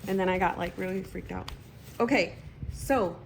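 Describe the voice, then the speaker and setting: A woman in her thirties chatting casually at home about her planner, excitable and talking to herself as she goes. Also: fairly low pitch, moderate pace, vocal fry, slight background noise, low-quality recording. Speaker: planner vlogger. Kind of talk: casual chat.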